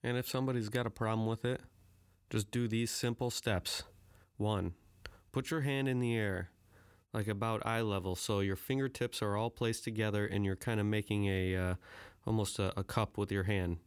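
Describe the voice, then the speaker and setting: A man's voice: fairly low pitch, steady tone, normal speed, clear, resonant tone, dry recording, studio quality. A man talking to the camera in a rambling, joking way, with plenty of profanity. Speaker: vlogger. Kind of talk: casual chat.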